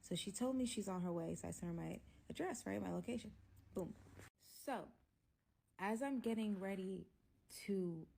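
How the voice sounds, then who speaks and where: A woman narrating a dramatic personal story in a storytime vlog, animated and acting out every exchange. Her voice sits at a middle pitch. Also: gravelly. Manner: animated, acts out quotes.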